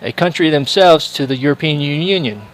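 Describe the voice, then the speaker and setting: Rambling, higher-voiced male commentator. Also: normal speed, low-quality recording. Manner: rambling storyteller, many fillers and restarts. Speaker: sports broadcast commentator. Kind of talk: casual chat on a livestream.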